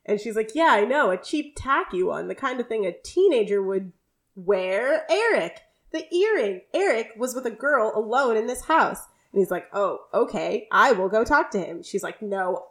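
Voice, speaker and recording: A young woman co-hosting a podcast, retelling a sitcom episode scene by scene in a casual, animated way. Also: medium pitch. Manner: animated retelling, quick quoted dialogue. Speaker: podcast co-host. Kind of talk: casual recap chat.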